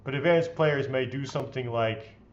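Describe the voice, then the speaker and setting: A man reads visual novel lines aloud with playful theatrical flair as the host of a let's play, mixing in his own remarks. His voice sits at an ordinary middle pitch. The home recording sounds dull and a bit lo-fi. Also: moderate pace, a little hiss or hum. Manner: expressive, playfully theatrical reading. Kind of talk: reading visual novel text aloud with commentary.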